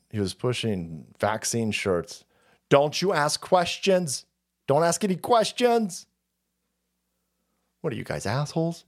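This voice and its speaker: A man hosting a livestream, ranting in a mocking, sarcastic, foul-mouthed way and sliding into mock voices. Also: on the high side. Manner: animated, swings into mock voices. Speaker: livestream host. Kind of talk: profane political commentary rant.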